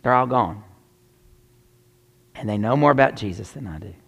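A man preaching a sermon as pastor, swinging between loud exclamations and hushed near-whispers. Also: lowish voice, expressive, moderate pace, gravelly, long reverb tail.

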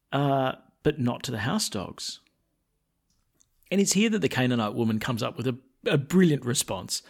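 A male priest delivering a homily in a loose, talky manner. He pauses on fillers and keeps a friendly conversational tone. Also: medium pitch.

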